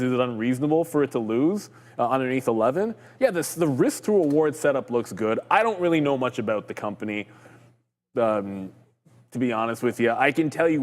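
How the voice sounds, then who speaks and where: A man's voice: mid-range voice, darkish tone, long reverb tail. A man co-hosting a live trading stream, chatting loosely about stocks with jokes and plenty of fillers. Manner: loose and joking, lots of fillers. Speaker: co-host of a live trading show. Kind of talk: casual market chat.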